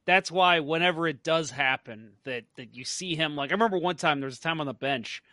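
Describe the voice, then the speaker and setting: A man hosting a hockey podcast, telling stories in a casual, animated way and laughing often. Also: on the high side, fairly quick, no echo. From St. Louis area. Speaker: podcast host. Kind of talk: casual chat.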